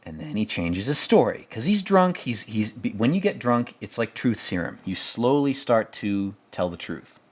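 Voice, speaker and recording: A man's voice: mid-range voice, big pitch swings, normal speed, hardly any pauses, breathy edge. A man giving casual film commentary as host, rambling, jokey and profane.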